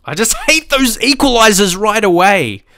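A man giving excitable let's play commentary on a football management game, shouting at the screen and swearing now and then. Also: high-pitched, normal speed. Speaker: gaming YouTuber.

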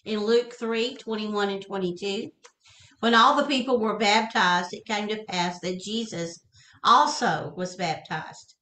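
Slow-reading woman, scripture aloud. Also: mid-range voice, echoey room, low-quality recording. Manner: slow, soft, affirming. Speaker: co-host.

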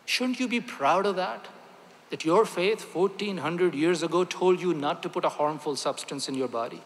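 A man's voice: on the high side, a little slow. A man, a physician, giving a rhetorical, emphatic speech with light jokes to a religious gathering in a large convention hall. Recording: long reverb of a large hall.

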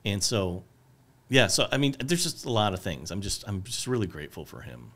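A man's voice: fairly low pitch, very animated, a little fast, a bit bright. A middle-aged man as a filmmaker guest, talking casually and searching for words with many restarts. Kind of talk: casual conversation.

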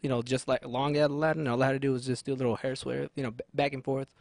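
Young male guest, quick playful talker, dry studio mic. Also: mid-range voice, little pitch movement, creaky, no echo. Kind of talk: casual studio chat. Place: radio/TV studio.

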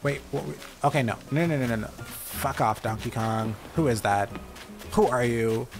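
A man with a mid-range voice talks at a moderate pace, giving playful, chatty commentary as he streams a game and answers back to the characters on screen. It's casual gameplay talk, with game music playing in the background.

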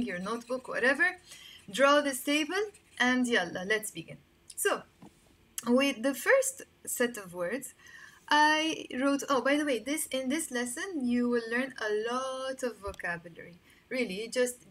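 A woman's voice: a little high, fairly bright tone. A woman with a Lebanese accent teaching a casual online language lesson, explaining patiently and repeating words for practice.

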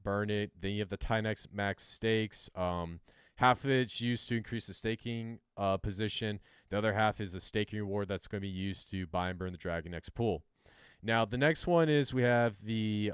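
A crypto livestream host with a lowish, clear, resonant voice casually explains a chart he sketches on screen as he talks. He's loose and chatty, tossing in self-mocking asides, and the clean studio sound has no room noise.

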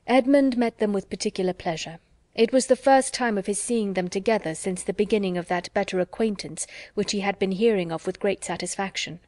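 A woman narrating an audiobook of a classic novel in a measured, even way. Her voice has a middling pitch. The recording is close and completely dry. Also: no echo. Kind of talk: scripted narration.

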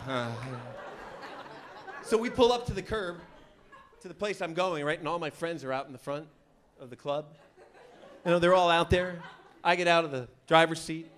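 A man doing a stand-up routine in a New York comedy club, telling an animated story and acting out the characters. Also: on the high side, fairly quick. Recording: loud comedy club audience laughter.

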